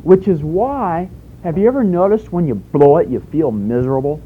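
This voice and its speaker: A man's voice: fairly high pitch, expressive, moderate pace, phone-quality sound, a little hiss or hum. A man preaching a sermon in a conversational way, asking rhetorical questions and telling homespun stories.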